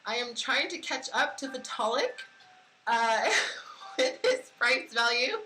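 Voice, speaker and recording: A woman's voice: on the high side, expressive, takes it slowly, pushed and bright, soft background music. An American woman hosting a casual crypto podcast, rambling and giggling with lots of fillers. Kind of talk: casual livestream chat. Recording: echoey room with faint noise.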